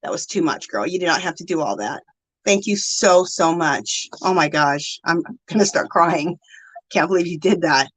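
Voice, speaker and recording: Bubbly, animated woman live-streaming. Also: deep voice, normal speed, no echo, poor audio. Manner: bubbly, effusive thanks, counts aloud. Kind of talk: casual live-stream chat.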